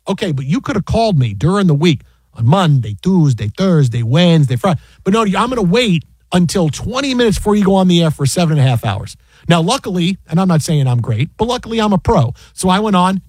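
Man host, casual storytelling; quick, exasperated, fairly high voice, dry sound. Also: breathy edge, no room sound. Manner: animated, exasperated retelling with many restarts.

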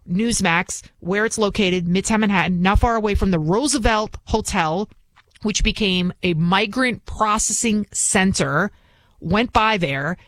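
A woman's voice: mid-range voice, measured pace, no room sound. A woman political commentator talking in an indignant, emphatic way, firing off rhetorical questions and repeating her points. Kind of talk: opinion monologue.

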